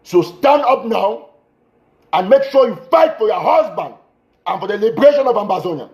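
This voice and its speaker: A man urgently addressing his audience in an impassioned livestream appeal, repeating himself and breaking into shouts, speaking into a phone. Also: high voice, expressive, moderate pace, highs cut off. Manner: urgent, repetitive exhortations, bursts of shouting. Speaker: political commentator.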